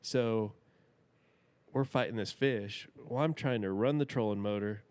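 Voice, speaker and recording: A man's voice: fairly low pitch, measured pace, darkish tone, no echo. A man in his thirties, a podcast guest telling a rambling, folksy story and laughing often. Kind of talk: casual storytelling.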